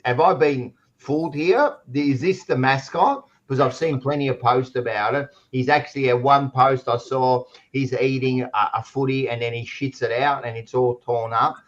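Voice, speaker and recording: A man's voice: medium pitch, moderate pace. Australian man, podcast host, casual footy talk, restarts a lot, muffled lo-fi sound. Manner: rambling, restarts often, blunt and swears. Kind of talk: casual sports chat.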